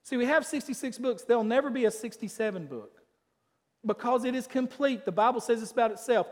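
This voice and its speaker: A man preaching a sermon as pastor, emphatic, swinging between loud declarations and quiet asides. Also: extremely high pitch, brisk, big-room sound.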